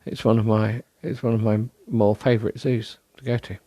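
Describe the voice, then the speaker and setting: A man's voice: fairly low pitch, flat delivery, moderate pace, warm tone, no echo. A man hosting a solo podcast, rambling in a self-deprecating way with many ums and restarts, sounding tired. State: tired, yawning. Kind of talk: rambling casual monologue.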